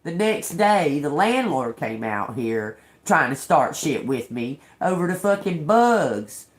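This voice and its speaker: In a low, sing-song voice and at a slow pace, a middle-aged woman hosting a livestream launches into an agitated, curse-laden rant about her own experience. A roomy echo colors the recording.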